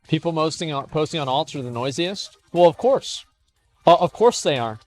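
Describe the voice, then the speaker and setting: A man's voice: on the high side, lively intonation, moderate pace, darkish tone, soft background music. A young man streaming casual commentary as he reads forum posts aloud, blunt and scornful, swearing, stammering and restarting.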